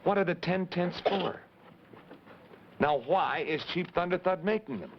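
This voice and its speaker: A man hosting a 1950s live children's TV show, talking straight to the kids in an animated way. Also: high voice, a little slow. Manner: animated, addressing kids directly. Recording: dull lo-fi 1950s TV recording with faint hiss.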